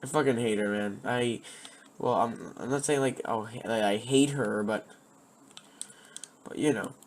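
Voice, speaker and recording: The speaker is a man of medium pitch who talks at a measured pace, with a little noise behind him. His personal anecdotes meander, full of profanity, and he repeatedly loses his thread.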